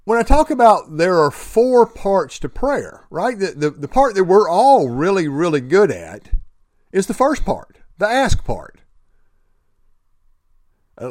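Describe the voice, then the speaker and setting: An earnest man, fairly high-voiced for a man, gives a motivational talk with stories and often repeats words and restarts his sentences. The recording is dry and close, with no echo. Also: big pitch swings, takes it slowly, pauses often, a little mellow. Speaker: speaker sharing faith and recovery.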